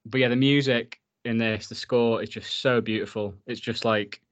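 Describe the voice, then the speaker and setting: A man's voice: medium pitch, fairly even intonation, normal speed. A man co-hosting a podcast in casual chat. He swears often and fills his talk with "like.". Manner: chatty, swears often, filler-heavy. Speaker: podcast co-host reviewing a film.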